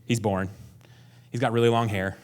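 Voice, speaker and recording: A man's voice: lowish voice, fairly even intonation, normal speed. A male pastor preaching a conversational sermon, acting out prayers in a raised voice and dropping to a near whisper for emphasis.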